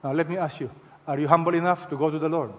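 A man preaching a sermon as pastor, leaning hard on stressed words and swinging between loud emphasis and hushed, slow phrases. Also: fairly high pitch, steady tone, long reverb tail, lo-fi sound.

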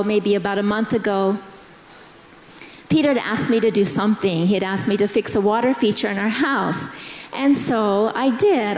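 A middle-aged woman telling a personal story to a church congregation in a slow, earnest way. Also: on the high side. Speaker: pastor's wife sharing testimony. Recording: echoey hall, dull sound.

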